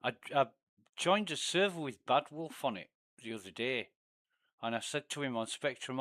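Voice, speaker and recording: A man on a casual game livestream, rambling through a story with plenty of swearing. His voice sits in an average middle pitch and often drops to a low mutter between points. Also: normal speed, a bit bright. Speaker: game streamer.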